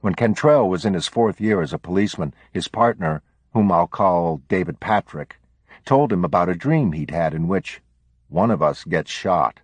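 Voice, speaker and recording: A man hosting a podcast, reading a book aloud in a steady, measured way. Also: deep voice, husky, no echo. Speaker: podcast host.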